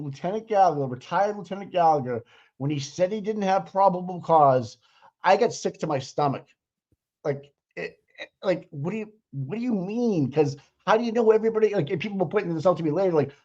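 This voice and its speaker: A man co-hosting a casual chat, excitable and swearing freely as he reacts. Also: high voice, a little fast, dull audio. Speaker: co-host. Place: home, watching remotely.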